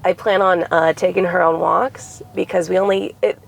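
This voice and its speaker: A woman's voice: lowish voice, flat delivery, moderate pace, vocal fry. A woman, a comedy show producer, chatting casually and upbeat as a guest in a car. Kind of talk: casual chat.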